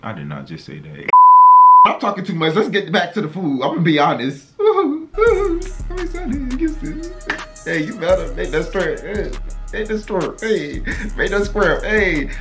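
A vlogger from North Carolina, with a North Carolina accent, reacting loudly and excitedly to cooking videos, often exclaiming and breaking into song. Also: mid-range voice, unhurried, music in the background. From North Carolina, USA. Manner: loud, exclaiming, breaks into singing and shouts.

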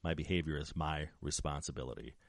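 A man hosting a talk show, explaining ideas in a measured, lecturing way with frequent ums and restarts. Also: extremely low pitch, gravelly, dry recording, clean studio sound. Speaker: podcast host, criminologist.

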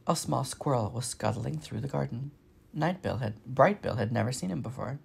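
Gravelly, husky man reading a storybook. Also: mid-range voice, animated, normal speed. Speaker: storybook reader. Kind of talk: reading a children's novel aloud.

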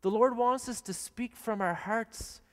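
Earnest priest guy preaching, kinda high voice, lots of reverb around him. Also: measured pace, a bit bright. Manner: earnest, plain-spoken preaching with rhetorical questions. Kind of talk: televised sermon.

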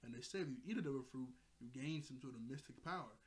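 A man's voice: mid-range voice, quick pace. A man casually recapping an anime episode, rambling, laughing often and correcting himself mid-sentence. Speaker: anime reviewer.

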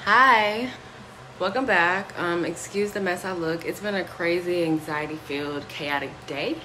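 A woman in her twenties chats to her phone camera inside a rented house, lively and quick to laugh. Her voice sits fairly low for a woman. A faint hiss of noise runs under her talk. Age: 20s. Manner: chatty and excitable, laughs often. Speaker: vlogger. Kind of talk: casual vlog talk to camera.

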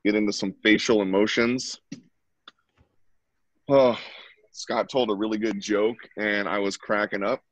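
A man's voice: on the low side, level tone, unhurried, pauses often, dry recording. A man at home giving a casual, chatty live drawing lesson and talking while he sketches. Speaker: drawing instructor. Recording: dull lo-fi, dry sound.

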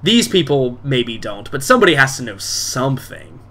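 Bright-voiced male game master. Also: medium pitch, sing-song, moderate pace. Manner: casual, filler-heavy, rambling. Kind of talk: narrating a tabletop game.

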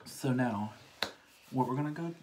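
A beauty vlogger chatting through a casual makeup tutorial with theatrical exclamations and quick whispered asides. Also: medium pitch, noisy background.

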